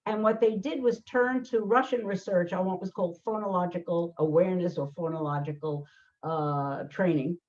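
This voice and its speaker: An older woman, a learning specialist hosting a conversation, speaks at a normal speed in a fairly low, slightly mellow voice. She explains emphatically, acts out quoted voices and fills her talk with fillers and restarts. The audio is dull and lo-fi.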